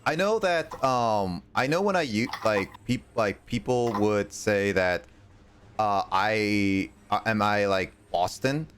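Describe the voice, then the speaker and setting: A man's voice: on the low side, takes it slowly, fairly bright tone, slight background noise. A male streamer chatting casually while playing a game, rambling with plenty of fillers. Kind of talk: casual chat while gaming.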